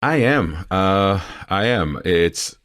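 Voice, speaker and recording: Very deep-voiced chatty male guest. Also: expressive, extremely slow, a bit bright. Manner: chatty and self-deprecating, with many fillers. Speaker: guest voice actor. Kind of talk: casual podcast interview.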